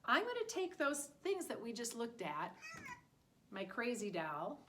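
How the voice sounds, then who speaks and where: A woman's voice: fairly high pitch, very animated, a little slow, a bit bright, slight background noise. A woman teaching a listening lesson to preschool children, talking in an exaggerated, sing-song way.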